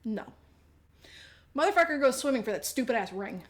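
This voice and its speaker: High-voiced, profane, giggling woman podcaster. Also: lively intonation, fairly quick, a little hiss or hum. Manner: profane, rambling, laughs often while telling. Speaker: podcast host. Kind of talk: casual comedic movie recap.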